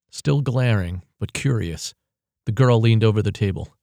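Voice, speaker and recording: A male narrator with a low voice reads a story in a steady, measured way. The recording is dry and close, with no room echo. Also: creaky. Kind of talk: audiobook narration.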